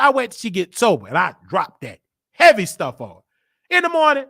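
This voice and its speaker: A man's voice: extremely high pitch, wildly swooping pitch, fairly quick, pushed and bright, dry recording, studio quality. A man from Chicago hosting his own show, telling a personal story in a casual, emphatic way and repeating lines for effect. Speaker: show host.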